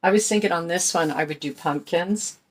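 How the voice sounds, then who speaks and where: Painting as she talks, this middle-aged host of a crafting channel walks through every step in a folksy, easygoing tutorial. She has a lowish voice and speaks at a moderate pace.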